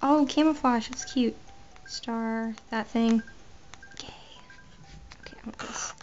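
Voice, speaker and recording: A woman's voice: a little high, slow pace, darkish tone, soft background music. A woman giving casual, playful and profane commentary while playing a handheld game. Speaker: gamer. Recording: muffled lo-fi recording.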